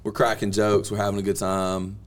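A man, hosting a podcast and telling a story in a lively, laughing way that bursts into yelling. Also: on the low side, a little fast. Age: 30s. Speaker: podcast host. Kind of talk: casual storytelling chat.

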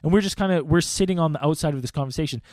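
Profane storytelling man, fairly high voice. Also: very fast, no echo. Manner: profane, animated storytelling with acted-out quotes. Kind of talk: casual storytelling chat.

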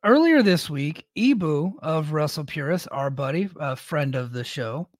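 A man's voice: on the high side, expressive, measured pace, no room sound, studio quality. A man co-hosting a podcast in casual talk, easygoing and agreeable, with many fillers. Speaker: podcast co-host.

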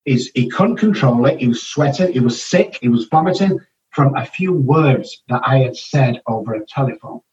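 An older man, an addiction counselor and author, appears as a guest in a casual podcast interview, blunt and motivational and swearing freely. His medium-pitched voice is animated, a little mellow, and at normal speed, though the remote audio sounds dull and distant.

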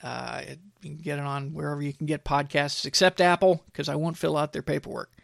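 A man's voice: a little high, steady tone, brisk, creaky, a bit bright, dry recording, studio quality. A male podcast host giving blunt opinion commentary in a conversational monologue, with frequent fillers.

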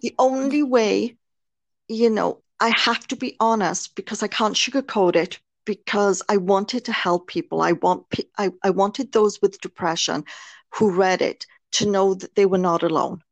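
A woman's voice: mid-range voice, normal speed, vocal fry, no room sound. A British woman, a nurse and author, speaking frankly and earnestly in a podcast interview, with frequent fillers. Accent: British English. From Britain. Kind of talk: candid personal interview.

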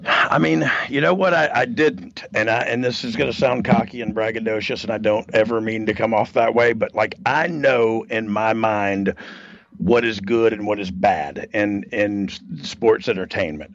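A man's voice: fairly low pitch, moderate pace, creaky, no room sound, muffled recording. A man co-hosting a podcast in casual chat, talking confidently and rambling, with frequent laughs. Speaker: podcast co-host, former wrestler and writer.

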